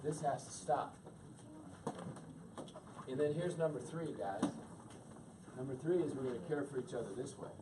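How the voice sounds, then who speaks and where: A man's voice: medium pitch, normal speed, pauses often. Man teaching a couples' class, heard from afar. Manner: conversational, quizzes the audience. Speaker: marriage workshop speaker. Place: meeting room with an audience. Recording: distant mic with background noise.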